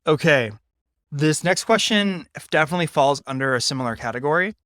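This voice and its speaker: A man's voice: fairly high pitch, animated, brisk, a bit bright, no echo, studio quality. Playful man co-hosting a podcast. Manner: playful, teasing, with hesitant restarts. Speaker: podcast co-host. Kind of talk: casual chat.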